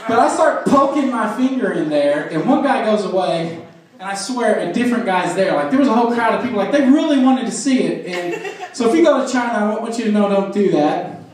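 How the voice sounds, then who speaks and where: A man's voice: sits high, big pitch swings, fairly quick. A man doing a stand-up comedy set, telling crude stories and teasing the crowd. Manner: crude storytelling with crowd work. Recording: echoey club from far off.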